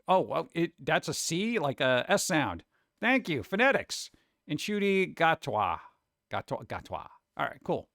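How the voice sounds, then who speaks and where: Give me a jokey male streamer with a fairly high, smooth voice. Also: fairly bright tone, no echo, studio quality. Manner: rambling, jokey, reacts to chat aloud. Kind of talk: casual live-stream chat.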